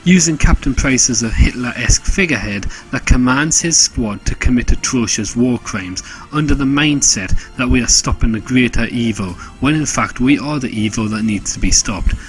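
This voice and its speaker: A man narrating a scripted, sarcastic game review packed with jokes. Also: medium pitch. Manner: sarcastic, joke-heavy.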